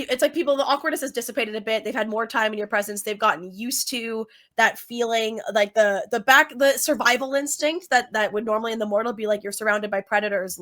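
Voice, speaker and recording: A woman's voice: a little high, bright, forceful tone. A woman running a tabletop game as game master, narrating in a chatty way full of fillers and easy laughter.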